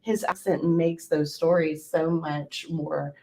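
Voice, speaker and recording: Woman host, light southern accent, lower voice, chatty and laughing. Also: fairly even intonation, slow, mellow. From South Louisiana. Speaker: podcast host. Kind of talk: casual interview chat.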